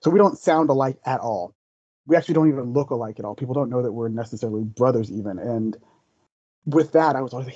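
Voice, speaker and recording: A man's voice: medium pitch, quick pace, mellow, no room sound, dull audio. A man who is the guest in an interview, telling personal stories in an earnest, thoughtful way. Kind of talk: reflective interview talk.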